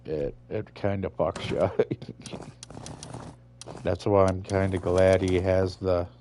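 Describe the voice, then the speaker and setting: A man with a low voice rambles through his gameplay at an unhurried, drawling pace. He swears constantly but stays laid-back and chatty, like a host talking to his regular viewers. A faint hiss sits underneath. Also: steady tone, mellow. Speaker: gaming channel host. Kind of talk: casual gameplay commentary.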